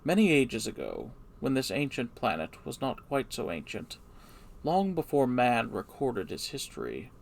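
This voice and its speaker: A man voicing a wise old male wizard who narrates in a slow, grand storybook manner. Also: medium pitch, vocal fry.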